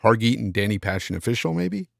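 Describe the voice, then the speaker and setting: A man's voice: on the low side, very animated, quick pace, vocal fry, fairly bright tone, no room sound, clean studio sound. A man hosting a casual live-stream podcast, reading out super chats and thanking viewers by name. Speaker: podcast host.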